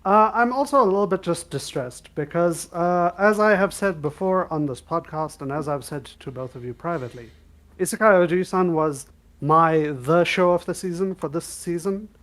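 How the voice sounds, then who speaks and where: A man's voice: fairly high pitch, moderate pace, fairly bright tone. A man co-hosting a podcast, chatting casually and stating his opinions earnestly and emphatically. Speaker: podcast co-host.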